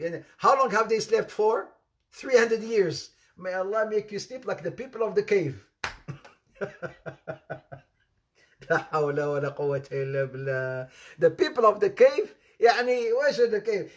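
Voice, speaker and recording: Animated male preacher, high voice. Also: moderate pace. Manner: animated storytelling, mixes English with Arabic phrases; laughs at his own stories, acts out quoted voices. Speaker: Islamic preacher. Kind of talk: informal sermon with humorous anecdotes.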